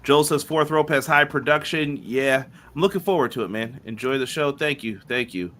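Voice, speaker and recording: A medium-pitched man talks at a moderate pace as he co-hosts a wrestling podcast. In casual, upbeat live-stream chat, he reads out viewer messages and greets people by name.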